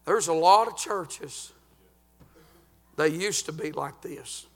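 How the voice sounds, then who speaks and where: A man preaching a sermon as pastor, swinging from sung, shouted climaxes down to low, hushed warnings. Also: slow. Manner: fervent preaching, rising to chanted shouts then dropping low.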